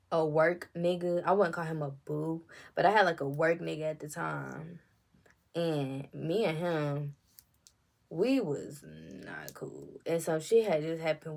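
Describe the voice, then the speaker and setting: Animated young woman telling a story. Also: sits low, vocal fry. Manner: animated, acts out quotes, frequent swearing. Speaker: storytime vlogger. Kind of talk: casual storytime.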